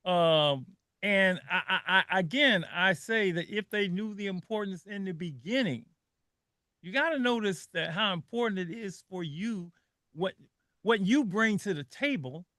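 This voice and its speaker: An older man with a high, bright voice, hosting a radio talk show. He speaks earnestly and with feeling, often stopping to restart a phrase. The sound is close and dry. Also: animated, unhurried, no echo. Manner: emotional, earnest storytelling with frequent restarts.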